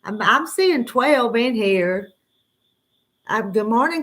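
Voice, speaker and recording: Early in the morning, a woman with a Southern US accent hosts a livestream, her somewhat high, fairly bright voice animated but slow. She rambles in a laid-back, casual way and greets her viewers by name.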